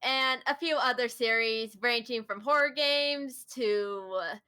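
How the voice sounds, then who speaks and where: A woman's voice: a little high, unhurried, pushed and bright, clean tone. A woman hosting a casual chat, talking about a creator she admires with eager, giggly enthusiasm. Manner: enthusiastic, giggly fan talk. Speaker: host.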